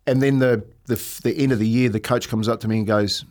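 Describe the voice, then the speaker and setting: A man's voice: mid-range voice, fast talker. An Australian man, a former footballer, telling a story on a casual chat show and laughing as he goes. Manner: laughs through his stories, animated. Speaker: podcast co-host, former footballer.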